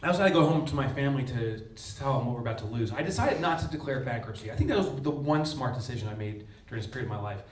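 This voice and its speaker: A man delivering a conference keynote as an emotional story, his voice leaping high when he hits a punchline. He sits at a middling pitch. The sound is roomy and heard from off the mic, with a faint rumble underneath. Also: expressive, rapid-fire, few pauses. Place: large conference hall. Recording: echoey hall, distant mic, faint rumble.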